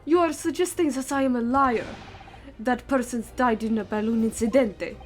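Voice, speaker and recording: A woman's voice: on the high side, normal speed, faint music behind, voice pushed up, close to an everyday voice. A woman voicing a proud adult male Italian balloonist with a put-on Italian accent, theatrical and indignant.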